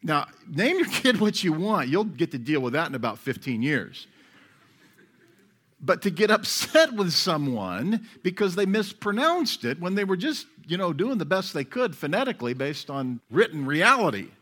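A man preaching a sermon as pastor, talking in a conversational, wry way that swings between loud and soft. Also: on the high side, sing-song, moderate pace.

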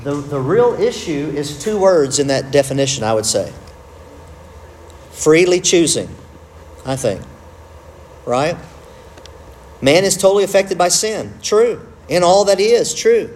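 A man teaching a church class, conversational and quick to joke at his own slips. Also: on the high side, big pitch swings, darkish tone, slight background noise. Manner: conversational, self-interrupting with humor.

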